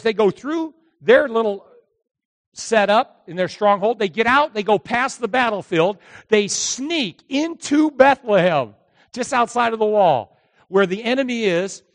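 Animated high-voiced preacher telling stories. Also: male voice, no echo. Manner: animated storytelling, acts out dialogue, shouts at peaks. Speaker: pastor. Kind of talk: sermon.

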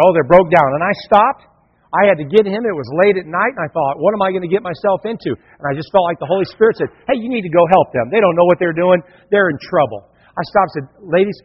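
A middle-aged male pastor preaching a lively sermon, acting out the voices he quotes. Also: sits high, breathy edge. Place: church hall. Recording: dull, long-reverb church hall.

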